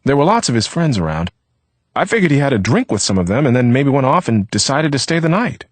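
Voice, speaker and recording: A man voicing an uneasy young man who answers in halting, evasive phrases. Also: medium pitch, very animated, no echo, voice pushed up. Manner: hesitant, halting.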